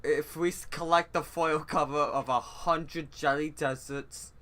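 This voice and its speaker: Bright-voiced young man reading game text aloud. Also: fairly high pitch, steady tone, a little slow. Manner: joking, loud bursts of laughter, reads lines in silly voices. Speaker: let's play host.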